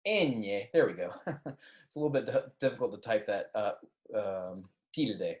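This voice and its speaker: This Spanish instructor has a lowish voice with lively intonation, heard in a reverberant space. During a recorded lecture he patiently models sounds at a slow pace, correcting himself as he goes.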